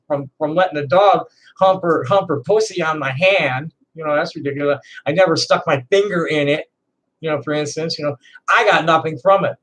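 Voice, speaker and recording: A trans woman in her sixties ranting to camera in a profane, defiant, bitter way, halting and repeating words with laughing asides. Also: lowish voice, low-quality recording. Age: 60s. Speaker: vlogger. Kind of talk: unscripted rant to camera.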